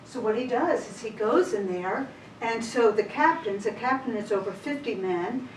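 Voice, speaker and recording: A woman's voice: on the high side, lively intonation, normal speed. Chatty woman teaching scripture, roomy hall. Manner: chatty, retells scripture in everyday words. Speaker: women's Bible study teacher. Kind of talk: informal Bible teaching. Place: church meeting room. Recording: roomy hall, distant mic, faint hiss.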